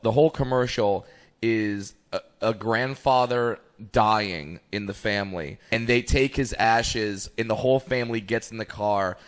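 A man's voice: fairly low pitch, measured pace, clear, resonant tone. A man ranting sarcastically in casual chat. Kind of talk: casual rant.

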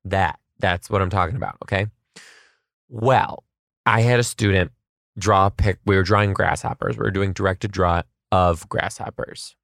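Gravelly low-voiced man telling teacher stories. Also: moderate pace, dry recording, clean studio sound. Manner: animated, self-mocking, dramatic asides. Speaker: kindergarten teacher. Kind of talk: comedic storytelling vlog.

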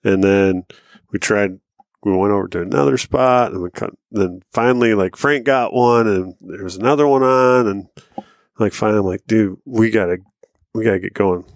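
Low-voiced man telling rambling stories. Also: normal speed, no echo, clean studio sound. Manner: rambling anecdotes, acts out quoted lines, swears casually. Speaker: podcast co-host. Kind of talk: casual storytelling chat.

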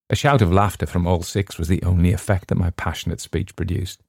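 Gravelly deep-voiced male narrator. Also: steady tone, a little mellow, dry recording, studio quality. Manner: measured, dramatic first-person reading. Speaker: audiobook narrator. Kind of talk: scripted narration of a classic story.

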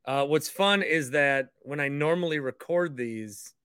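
A man's voice: fairly high pitch, unhurried, a bit bright, smooth, no room sound. A man hosting a casual podcast and rambling with joking asides, recorded close on a studio mic. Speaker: podcast host, former radio host.

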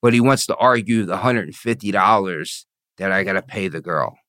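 Guest, male, very low voice, dry sound, profane streetwise rambling. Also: normal speed, bright, forceful tone, dry recording. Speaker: interview guest. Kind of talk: casual storytelling.

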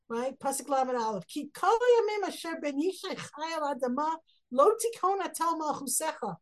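Animated woman teaching a text class. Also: high voice, normal speed. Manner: reads Hebrew verses then explains, acts out quotes with rising emphasis. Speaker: Torah teacher.

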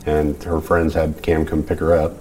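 A middle-aged man, a father, speaking in an interview in a halting, rambling way with many fillers. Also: a bass voice, monotone, darkish tone, slight background noise. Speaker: father of missing woman.

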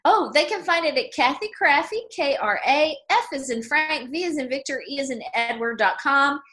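A woman in her sixties, a guest author talking through everyday examples in a relaxed interview, reflective and quick to laugh. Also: sits high. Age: 60s. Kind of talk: casual interview chat.

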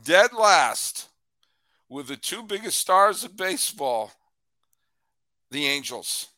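A man's voice: fairly high pitch, big pitch swings, slow pace, sharp tone, no echo. A man co-hosting a sports talk show, chatting casually and hamming up a sponsor read. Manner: jokey, hammy ad delivery. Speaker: podcast co-host.

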